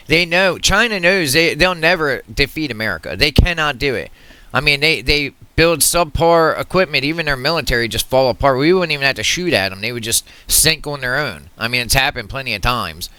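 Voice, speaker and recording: A man's voice: medium pitch, expressive, fairly quick, sharp tone, clean tone, dry recording. A man ranting heatedly to his viewers, agitated and repetitive, often swearing and restarting his sentences. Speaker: political commentary vlogger. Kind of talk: heated rant to camera.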